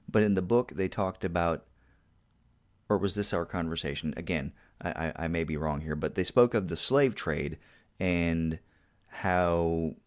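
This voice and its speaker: A man co-hosting a casual movie review podcast, making dry jokes and slowing down to make his points. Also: low-pitched. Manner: dry, joking asides, slows down to make points. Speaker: podcast co-host.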